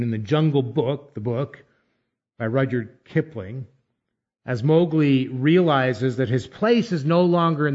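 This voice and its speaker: A man preaching a sermon, measured and emphatic, pausing deliberately between phrases. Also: mid-range voice, a little mellow, muffled recording. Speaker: pastor.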